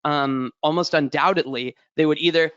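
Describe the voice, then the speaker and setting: A man's voice: on the high side, steady tone, normal speed, a bit bright, clear, resonant tone, no room sound, muffled recording. A man coaching a singer in a webinar, encouraging and demonstrating notes as he talks. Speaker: vocal coach.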